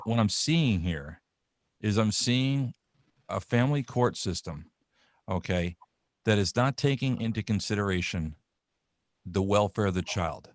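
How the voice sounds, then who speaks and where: A man's voice: low-pitched, dry recording. An older man in a casual video-call chat who rambles, restarts often and laughs easily. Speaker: parent and grandparent sharing a family court story.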